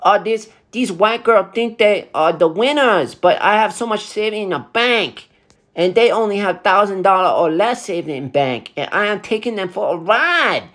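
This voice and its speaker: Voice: mid-range voice, animated, normal speed, a bit bright, voice pushed up, close to an everyday voice. A speaker putting on the voice of a smug, gleeful woman nail salon worker in a commentary vlog.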